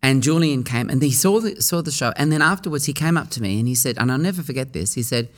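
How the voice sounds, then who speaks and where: Reflecting on his early career in an interview, a middle-aged Australian man who acts in theatre speaks in an expressive, mid-range voice. His talk is musing, broken by pauses and restarts.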